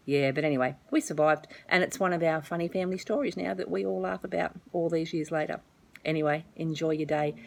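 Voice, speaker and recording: Low-voiced Australian woman telling a story. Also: creaky. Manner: chatty, swears freely, self-mocking. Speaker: vlogger. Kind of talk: casual storytelling to camera.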